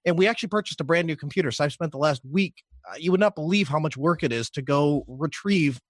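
A man's voice: fairly high pitch, fast, no echo. Rambling man on a dry mic. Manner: rambling, hesitant with fillers. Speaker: podcast co-host. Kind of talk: casual podcast chat.

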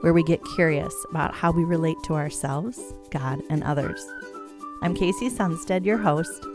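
A woman hosting a podcast, talking in a friendly, curious way. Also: fairly low pitch. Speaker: podcast host. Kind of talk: casual podcast chat.

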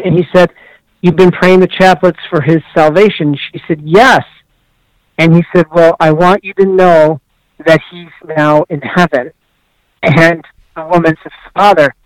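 A man's voice: a little high, steady tone, normal speed, no room sound, low-quality recording. A man, a priest and author, telling a story in an interview and acting out the dialogue earnestly.

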